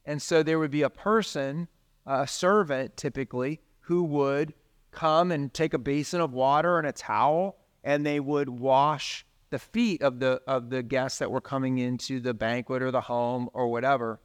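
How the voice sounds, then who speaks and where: A man's voice: medium pitch, fairly even intonation, normal speed, smooth. A man preaching, talking casually with his listeners and reading scripture aloud. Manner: conversational, reads scripture aloud. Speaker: pastor. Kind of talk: sermon.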